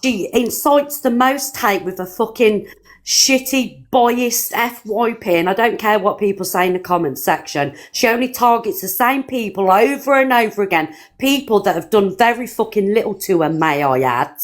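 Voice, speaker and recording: A woman's voice: mid-range voice, normal speed. A woman, fuming and swearing while venting in a live-stream argument.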